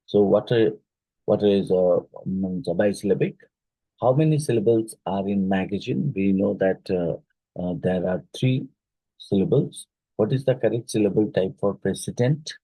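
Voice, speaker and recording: A man with an Odia-influenced Indian English accent teaching a phonetics exam-prep lesson, explaining slowly, spelling words letter by letter and using many fillers. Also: on the low side, dark tone, breathy edge, dry recording, rough recording.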